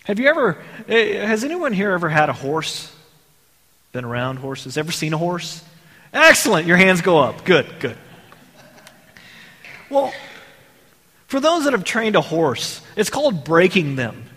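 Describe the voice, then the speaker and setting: A man from Texas delivers a sermon with a fairly high voice, talking to his congregation like old friends and throwing out rhetorical questions. His words carry a long reverb tail, as if filling a big church hall. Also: fairly bright tone, breathy edge. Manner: conversational preaching with rhetorical questions. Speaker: pastor.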